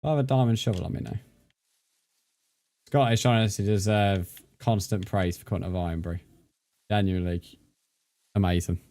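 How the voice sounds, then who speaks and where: A man's voice: low-pitched, steady tone, moderate pace, long pauses, warm tone. A man, a streamer chatting casually and rambling while he plays, thanking viewers by name. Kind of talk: casual live-stream chat while gaming.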